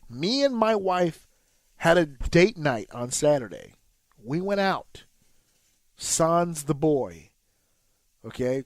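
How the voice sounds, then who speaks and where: A man in his thirties co-hosting a casual podcast, telling a sports story in an animated, profane way and jumping up sharply in pitch when excited. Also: no room sound. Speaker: podcast co-host.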